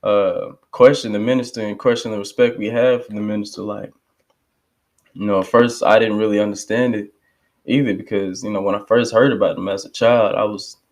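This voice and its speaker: Brisk and a little mellow, with fairly low pitch and fairly even intonation, a man hosts a reaction video on a speech. His talk is conversational and emphatic, marked by fervent bursts and stretches of quoting others.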